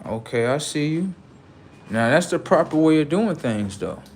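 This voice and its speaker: Animated slangy man on a livestream. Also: fairly high pitch, normal speed, slight background noise. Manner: animated, swings from loud outbursts to quiet asides; slangy, addresses viewers directly. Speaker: livestream host. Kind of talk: casual livestream monologue.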